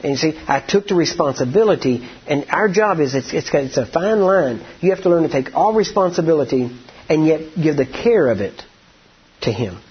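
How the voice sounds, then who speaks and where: A man's voice: on the high side, expressive, fairly quick, husky, highs cut off. A man preaching a conversational sermon, often asking the congregation for agreement.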